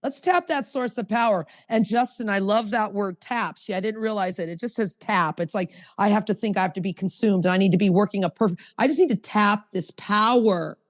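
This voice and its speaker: A woman's voice: medium pitch, brisk, few pauses, big-room sound. A woman hosting a recovery podcast, speaking emphatically and reading passages aloud from a book. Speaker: podcast host.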